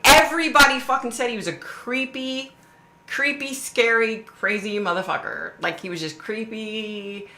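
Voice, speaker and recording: A woman's voice: a little high, moderate pace, sharp tone. A woman hosting a casual live stream, reading out viewer comments and answering them bluntly, swearing freely. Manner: blunt, swears freely, repeats questions for emphasis. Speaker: livestream host. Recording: echoey room with faint background noise.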